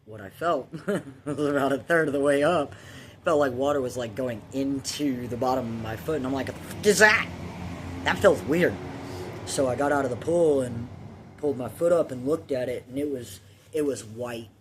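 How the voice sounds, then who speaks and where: A man's voice: medium pitch, fairly quick, noisy background. A man telling a long personal story from his childhood in a casual, rambling way, swearing freely and laughing at his own telling.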